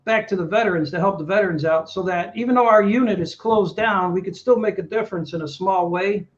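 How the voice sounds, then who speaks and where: A man's voice: high voice, fast talker, muffled recording. A middle-aged Navy veteran man telling a story casually in an interview, quoting other people as he goes. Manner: animated anecdote teller, quotes others.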